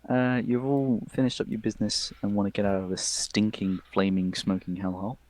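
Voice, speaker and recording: A man narrating a tabletop game as game master, casual and halting, with many fillers. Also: fairly low pitch, little pitch movement, a little mellow, no echo.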